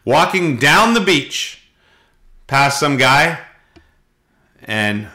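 A middle-aged man hosting a casual podcast, telling rambling anecdotes full of halting fillers. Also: mid-range voice, very animated, pushed and bright. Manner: rambling storyteller, frequent halting fillers, does voices in anecdotes. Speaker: podcast host.

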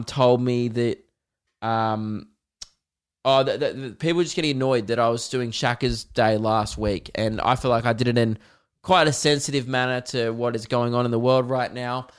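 A man's voice: mid-range voice, fairly bright tone, clean tone. A young man hosting a podcast, rambling in a crude, joking way and acting out little scenes. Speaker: podcast host. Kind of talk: casual comedic monologue.

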